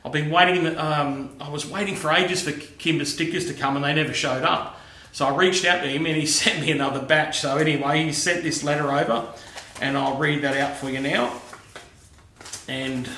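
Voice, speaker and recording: Bright-voiced Australian man, chatty and matey. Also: fairly high pitch, steady tone, normal speed, echoey room, slight background noise. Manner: chatty and matey, says "mate" often. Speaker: machining YouTuber. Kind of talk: casual chat to camera. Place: home workshop.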